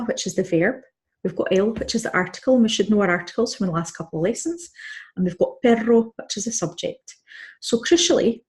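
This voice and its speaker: A woman's voice: medium pitch, darkish tone. A Scottish woman teaching a Spanish grammar lesson, explaining patiently step by step. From Scotland. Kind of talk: online language lesson.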